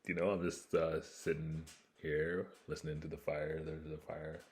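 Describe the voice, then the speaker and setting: Man, very deep low voice, podcast host, casual rambling monologue, candid, from northern Ontario. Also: level tone, moderate pace, a little mellow. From northern Ontario, Canada. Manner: rambling and candid, many fillers, laughs between thoughts. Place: home room with a fire crackling behind.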